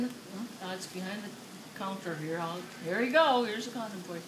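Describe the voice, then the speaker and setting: A woman's voice: on the low side, fairly quick, fairly bright tone. A woman telling long rambling jokes on a show, laughing as she goes and losing her place. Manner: chatty, laughs mid-joke, loses her place. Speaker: joke-telling co-host. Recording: echoey room with clear noise.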